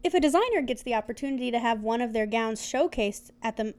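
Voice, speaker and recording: A woman's voice: fairly high pitch, expressive, fast talker, a little mellow, smooth. Giggly young woman reading notes aloud. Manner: chatty, giggly, reads aloud then riffs. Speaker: podcast co-host.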